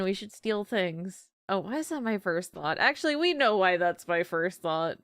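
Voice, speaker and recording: A woman's voice: medium pitch, expressive, normal speed, a bit bright, no room sound. A woman streamer joking and laughing through casual gameplay commentary, swearing freely.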